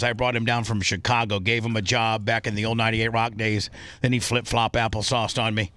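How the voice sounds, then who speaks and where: Bright-voiced, emotional male radio host. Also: on the low side, level tone, fairly quick. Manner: emotional, rambling, with many restarts. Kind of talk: live radio talk show, reading listener donations. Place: radio studio. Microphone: studio microphone.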